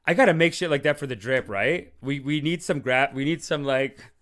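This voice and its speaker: A man's voice: medium pitch, moderate pace, fairly bright tone. A man hosting a podcast in casual, rambling, joking talk, swearing and laughing often. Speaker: podcast host. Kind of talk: casual chat.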